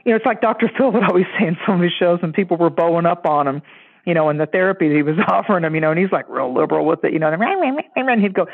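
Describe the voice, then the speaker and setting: A man with a high-pitched voice chats loosely and tells stories, slipping into the voices of people he quotes. His voice comes through a thin, narrow line, as if over a phone. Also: very fast, vocal fry. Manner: animated, acts out quoted voices. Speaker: podcast guest. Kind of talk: casual storytelling chat.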